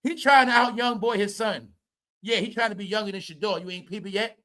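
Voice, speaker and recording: Loud and mocking, a man hosts a profane gossip commentary stream. His high voice moves at a moderate pace as he repeats phrases and laughs at his own jokes.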